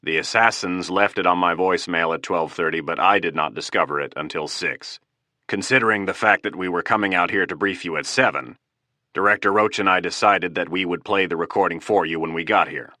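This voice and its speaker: Man doing a calm, even-toned FBI agent. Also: sits low, brisk, no echo, clean studio sound. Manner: even, composed.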